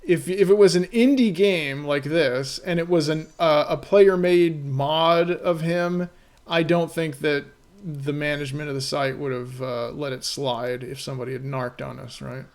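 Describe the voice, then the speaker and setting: A man with a fairly high voice talks on a live stream about the game he is making. He rambles, loses his thread and restarts, and leans on "you know" and "right?" to keep the chat with him. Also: fairly even intonation, a little slow. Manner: rambling, filler-heavy, keeps checking in with "right?".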